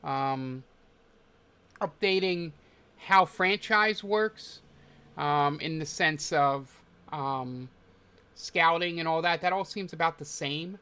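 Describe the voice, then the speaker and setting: A man's voice: on the high side, takes it slowly, sharp tone, smooth. A man hosting a podcast, talking casually about games in a loose, rambling way with many filler words. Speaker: podcast host. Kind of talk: casual chat.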